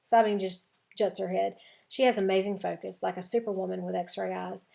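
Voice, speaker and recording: A woman teacher reading a chapter book aloud to her class, with clear, expressive storytelling. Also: medium pitch, moderate pace.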